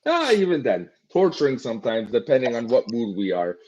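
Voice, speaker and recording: A man's voice: mid-range voice, huge pitch swings, fairly quick, darkish tone. A man co-hosting a podcast, thoughtfully giving his take and inviting the audience to comment. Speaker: podcast co-host. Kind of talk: casual album review chat. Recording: slightly dull lo-fi audio.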